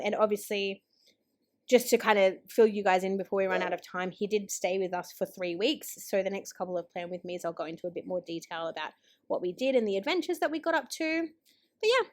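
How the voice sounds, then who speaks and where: A woman's voice: mid-range voice, slight background noise. A woman, chatting casually as a planner vlogger, full of "um" and "like". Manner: chatty, lots of fillers like 'um' and 'like'. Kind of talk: casual chat.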